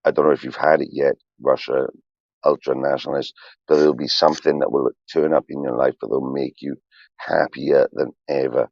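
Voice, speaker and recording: A man in his forties talks on a livestream in an extremely low, gravelly voice. He swears a lot and pours out his feelings in a rambling, confessional way. The sound is dry and a little dull. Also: fairly even intonation, a little fast, no echo. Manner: profane, emotional and confessional. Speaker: streamer.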